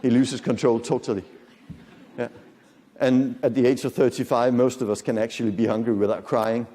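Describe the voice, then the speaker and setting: With a mellow, medium-pitched voice showing little pitch movement, a man in his fifties lectures live at normal speed in a large conference hall. He stays conversational, joking and quizzing the audience, amid long hall reverb.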